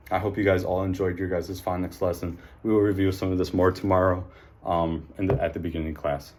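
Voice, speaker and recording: Male teacher, low mellow voice, upbeat praise, drawn-out letter sounds, filler-heavy. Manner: encouraging, sounds out letters slowly; frequent fillers like um and like. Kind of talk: classroom phonics lesson.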